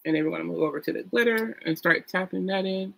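Bright, gushing young woman vlogger. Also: lowish voice, fast, vocal fry, slight background noise. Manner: chatty and gushing, with fillers and sung sounds. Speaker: beauty vlogger. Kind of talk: casual get-ready-with-me chat.

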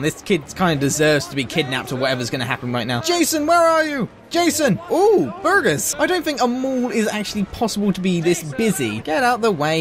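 A man's voice: high-pitched, fairly bright tone. A young man giving sarcastic, sweary let's play commentary. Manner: sarcastic, sweary running jokes. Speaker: gaming commentator.

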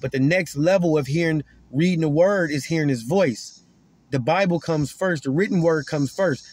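A man's voice: a little high, moderate pace, darkish tone, breathy edge, dry recording. A man giving an informal Bible teaching, earnest and repetitive, often stumbling over and repeating his words. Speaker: online preacher.

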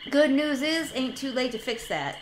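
A woman's voice: high-pitched, lively intonation, normal speed, a little hiss or hum. A woman reading an old Cajun gator keeper. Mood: folksy. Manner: talks about himself in third person; plainly read game dialogue without an accent. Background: game music.

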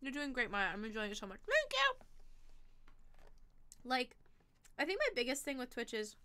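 A woman's voice: fairly high pitch, bright, forceful tone, clear, resonant tone. A young woman streaming a game, chatting casually, reading chat aloud and poking fun at herself. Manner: chatty, self-deprecating, reads chat aloud.

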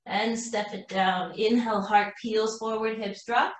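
A woman teaching a live yoga class, cueing poses calmly while doing the flow herself and running out of breath. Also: mid-range voice, a little slow. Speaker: yoga instructor. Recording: roomy echo from far off the mic.

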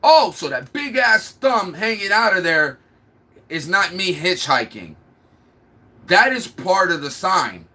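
A man's voice: high voice, very animated, takes it slowly, bright, forceful tone, slightly rough, heavily acted. A man putting on the voice of a confused, easily alarmed viewer, with exaggerated mocking gasps.

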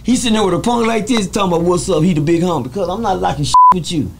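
A man from Texas, telling prison stories in an animated, profane, casual interview style and acting out the quotes. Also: sits high, racing, vocal fry, very noisy. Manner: animated, profane, laughs through the story. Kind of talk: casual storytelling with acted-out quotes.

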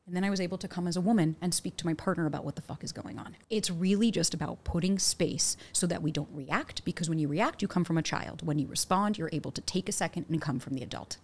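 A woman's voice: fairly low pitch, husky. A young adult woman, a dating coach, talking casually on a podcast and telling stories with acted-out quotes. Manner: animated, quick storytelling with acted quotes.

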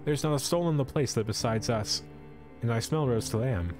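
A man's voice: mid-range voice, normal speed, over music, lightly acted. A man voicing a pushy, demanding young male traveler in a storybook adventure, lifting his voice above his own. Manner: insistent and demanding.

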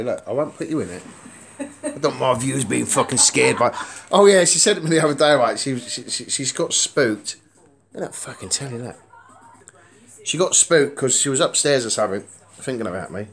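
A man's voice: medium pitch, animated, normal speed. Man vlogging, loose and rambling, swearing in nearly every line, blunt everyday delivery. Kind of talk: casual vlog chat. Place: indoors in a house.

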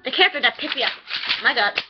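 A woman rambling casually through a review, chatty and quick to swear. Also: sits high, expressive, over loud music. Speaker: anime reviewer. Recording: dull lo-fi home recording.

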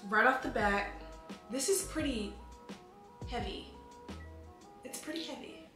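A young woman chatting excitedly in a casual review video, talking fast with lots of fillers. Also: a little high. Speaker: beauty vlogger. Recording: echoey room with faint music.

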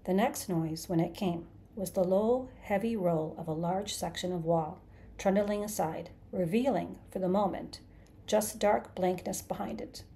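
A woman narrating a comic science fiction novel in a measured, dry storytelling delivery. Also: on the low side, mellow. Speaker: narrator, podcast host. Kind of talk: scripted audiobook narration.

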